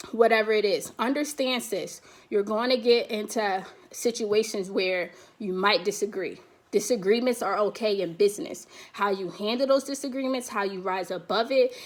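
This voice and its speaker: Emphatic American woman on a video call. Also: medium pitch. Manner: emphatic, rallying, repeats "we have to". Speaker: guest speaker on a virtual summit. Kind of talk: motivational talk, then answering questions.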